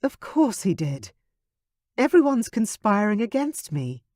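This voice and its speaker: Man voicing a high, fiery dragon princess. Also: sing-song, measured pace, a little mellow, no echo, studio quality. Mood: pleading. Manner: demanding, huffy and exclamatory. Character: fiery young woman, dragon princess, hot temper. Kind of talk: audiobook character voice.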